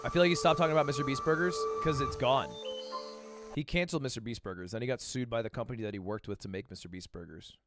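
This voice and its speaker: A man streaming live and reacting to a video in casual chat, animated and crude, often breaking into laughter. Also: mid-range voice, quick pace, over loud music.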